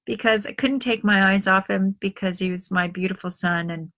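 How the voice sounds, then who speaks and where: In a live video talk for an online coaching group, a middle-aged life coach speaks at a moderate pace in a sharp, medium-pitched voice. Her tone is confiding as she recounts personal stories, voicing each character she quotes.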